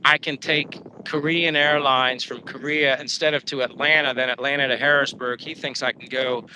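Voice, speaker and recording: A man's voice: mid-range voice, bright, forceful tone, slight background noise. A man chatting casually on a live stream, rambling with many fillers as he answers viewers. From United States. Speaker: vlogger reading live chat. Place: outdoors while walking.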